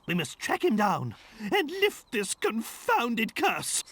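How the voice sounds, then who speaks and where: A man's voice: very high-pitched, wildly swooping pitch, takes it slowly, fairly bright tone, slightly rough, full character voice. An actor playing a fussy old king under a curse, speaking in a theatrical, exclamatory game voice. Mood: determined. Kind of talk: game voice acting.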